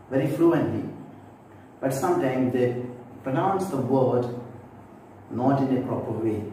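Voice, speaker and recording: A man teaching phonetics in a video lesson, explaining slowly and repeating himself with many asides. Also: medium pitch, dark tone. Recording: very echoey room, distant mic, faint noise.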